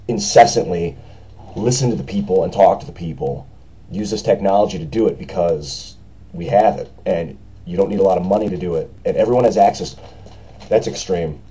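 Raspy hoarse young guy, dark husky voice, frustrated, rambly, lo-fi home cam audio. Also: deep voice. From United States. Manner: earnest, frustrated, rambling with many fillers. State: hoarse after a party. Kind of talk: casual video message. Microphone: camera microphone.

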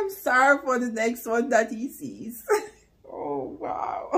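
A woman comments on a comedy clip she is reacting to, laughing often between her remarks. Her voice is slow and swings widely in pitch, with a slightly high tone. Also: very animated, a bit bright. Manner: giggly, exclaiming disbelief between laughs. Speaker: reaction channel host.

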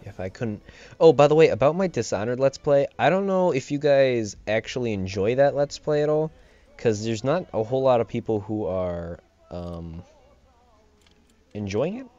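A man's voice: medium pitch, lively intonation, moderate pace, dark tone. A young man hosting a let's play, giving rambling, jokey commentary and laughing often. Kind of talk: casual gameplay commentary. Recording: slightly dull home mic with game music.

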